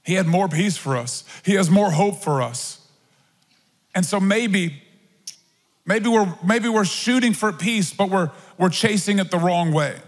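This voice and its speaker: A man's voice: high-pitched, a little slow. A man preaching a sermon as pastor, in a conversational, playful way with asides. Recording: long hall reverb.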